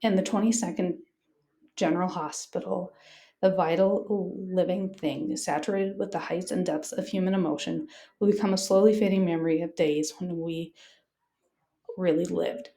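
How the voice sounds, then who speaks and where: Woman teacher, low-pitched and mellow, giving an earnest diary read-aloud. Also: steady tone, normal speed, creaky, roomy sound. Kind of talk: reading a wartime diary aloud.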